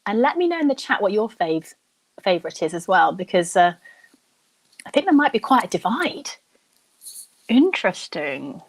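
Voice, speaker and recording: A woman's voice: medium pitch, big pitch swings. Chatty woman hosting a quiz. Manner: chatty, thinks out loud, reads questions slowly then repeats them. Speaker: quiz host. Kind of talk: hosting a live online quiz.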